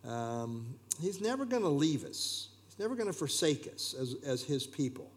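A man's voice: on the high side, very animated, normal speed. A man preaching a sermon emphatically and repeating his key phrases.

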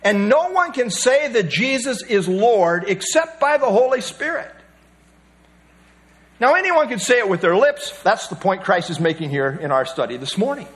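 A man's voice: high voice, very animated, moderate pace, fairly bright tone. A male pastor preaching a sermon, emphatic and repeating key phrases for weight.

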